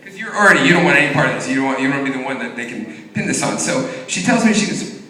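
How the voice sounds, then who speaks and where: A man's voice: medium pitch, racing, a crowd in the background. A man in his thirties doing a profane stand-up comedy set on stage, telling stories and acting out voices. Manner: animated storytelling, profane, acts out voices. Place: comedy venue stage, live audience. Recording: echoey hall from far off.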